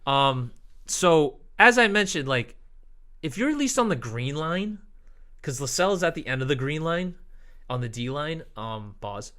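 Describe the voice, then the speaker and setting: Bright-voiced young man from Boston. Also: a little high, moderate pace. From Boston, Massachusetts. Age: 20s. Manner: animated, swearing, jokey banter. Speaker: podcast host. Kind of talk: casual chat.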